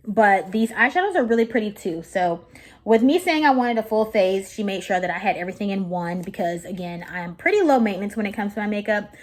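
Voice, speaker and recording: Chatty young woman vlogging at home. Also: medium pitch. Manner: animated, chatty storytelling. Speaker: beauty vlogger. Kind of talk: casual vlog storytelling. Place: home kitchen.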